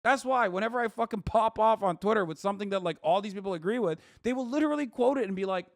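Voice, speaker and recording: A man's voice: high voice, rapid-fire, few pauses, no echo, clean studio sound. A man streaming live, reacting to clips and answering chat in a heated, profane rant. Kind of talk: livestream reaction commentary.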